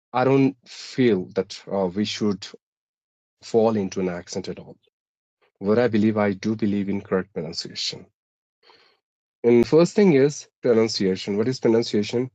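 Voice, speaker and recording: Man, English teacher, fairly low voice, methodical, dry close sound. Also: a little mellow, no echo, dull audio. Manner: methodical, lists numbered rules. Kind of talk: explaining English-speaking tips.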